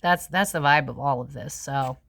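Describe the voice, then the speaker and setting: A young woman hosting a casual tarot reading, chatty and animated, swearing freely as she talks through the cards. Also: a bass voice, moderate pace, vocal fry, no echo. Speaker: tarot reader host.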